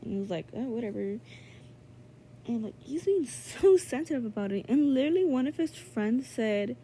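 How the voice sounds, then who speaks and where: Teen girl vlogger, casual storytelling, filler-heavy and indignant, fairly high mellow voice. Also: brisk, husky. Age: teenager. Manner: chatty, full of "like" and "um" fillers; indignant, animated retelling.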